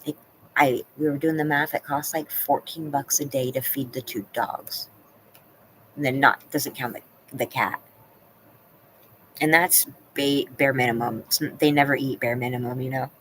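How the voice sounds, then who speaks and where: A woman's voice: a bass voice, steady tone, moderate pace, fairly bright tone, slight background noise, low-quality recording. A woman hosting a live stream from home, chatting casually and answering her viewers by name. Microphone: laptop.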